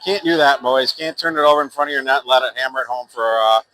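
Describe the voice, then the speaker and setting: Fast and steady, his medium-pitched voice pushed and bright, a man rambles through youth hockey play-by-play with fillers, self-corrections and sponsor plugs read between plays. Soft music plays in the background of the rough recording.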